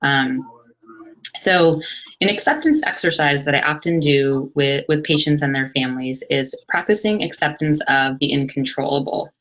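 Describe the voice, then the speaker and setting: A woman psychologist giving an educational webinar talk in a calm, explanatory way, pausing often as she thinks. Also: low voice, lo-fi sound. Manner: calm, explanatory, hesitant with pauses. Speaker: psychologist presenter. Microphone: computer mic on a video webinar.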